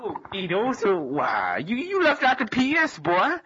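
A man's voice: high voice, wildly swooping pitch, crowd noise, exaggerated voice. A man voicing a folksy detective sidekick in an amateur comedy radio play, drawling unhurriedly. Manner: drawling, unhurried, says "boy". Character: slow-talking folksy male detective sidekick. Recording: lo-fi with music behind.

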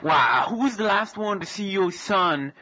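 A man's voice: sits high, lively intonation, sharp tone, a little hiss or hum. A man voicing a folksy detective sidekick in an amateur comedy radio play, drawling unhurriedly. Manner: drawling, unhurried, says "boy". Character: slow-talking folksy male detective sidekick. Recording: lo-fi with music behind.

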